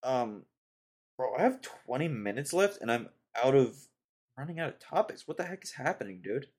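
Young guy doing a solo podcast rant, mid-pitched voice, annoyed and jokey, cracks himself up. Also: sing-song, normal speed, a little mellow, slightly rough. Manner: ranting, exasperated, mocking, laughs at own jokes. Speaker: podcast host.

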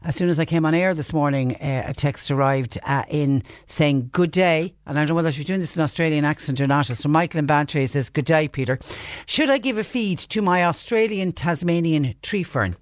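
A man's voice: on the high side, brisk, hardly any pauses, no room sound, clean studio sound. An Irish man hosting a radio phone-in show, chatting casually and reading out listener texts. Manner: reads listener texts aloud, chatty and digressive. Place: radio studio. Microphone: studio microphone.

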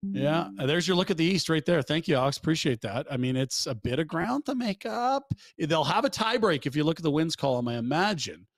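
A man's voice: on the high side, expressive, a little fast, no room sound. A man hosting a casual hockey talk show from a studio, brash and joking, swearing freely and laughing often. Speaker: sports radio host. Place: broadcast studio.

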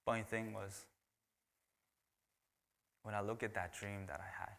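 A man, a pastor preaching a sermon, who moves between loud, emphatic lines and hushed, whispered ones. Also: lowish voice, fairly even intonation, a little slow, vocal fry. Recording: long hall reverb.

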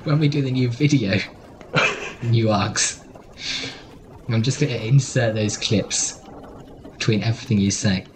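A man co-hosts a podcast, arguing a silly point with deadpan, mock-serious delivery. His voice sits at an ordinary pitch for a man. A faint background hiss sits under the casual chat. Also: a little slow, long pauses. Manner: playful, mock-serious debating. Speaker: podcast co-host.

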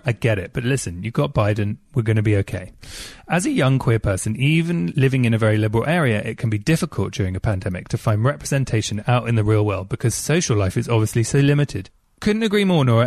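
A man's voice: mid-range voice, a little mellow, dry recording. Man, chatty host, reads emails, dry close sound. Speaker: podcast host. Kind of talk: casual podcast chat.

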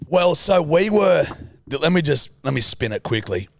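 A man's voice: a little high, sing-song, normal speed, vocal fry, slight background noise. A man with an Australian accent, a podcast co-host telling a story in casual, sweary chat.

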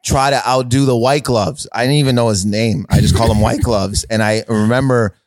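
Male comedian, Canadian, rambling storyteller who laughs through his own tales; mid pitch, dry mic. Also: steady tone, brisk, no echo. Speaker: comedian guest. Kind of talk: casual storytelling chat.

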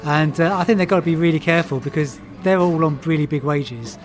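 Casting: London man, slightly raised pitch, earnest pundit, faint music behind. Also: a little fast. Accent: London English. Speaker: podcast panelist. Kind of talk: casual pub chat about football.

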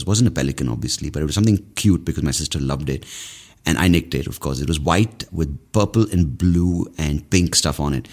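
A man from India in his thirties, hosting a podcast as a casual, rambling monologue, swearing freely and mocking himself. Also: deep voice. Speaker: podcast host.

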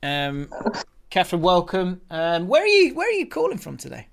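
A man from Surrey hosts a loose podcast chat, his voice sitting a little high. He teases his co-host and callers and reads out listeners' messages in a playful way. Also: huge pitch swings, normal speed, gravelly, fairly bright tone. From Surrey, England.

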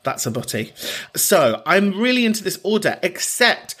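A man's voice: high voice, very animated, moderate pace, sharp tone, husky. A man from the UK hosting a podcast in casual comic chat, camp and sweary, often breaking into laughter mid-sentence. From United Kingdom. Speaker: podcast host.

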